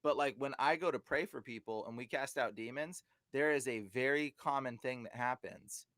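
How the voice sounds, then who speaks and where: A man telling stories as a podcast guest, lively and acting out the voices of the people in them. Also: medium pitch, moderate pace, no room sound. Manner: animated, acts out quoted voices with laughs. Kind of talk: casual storytelling.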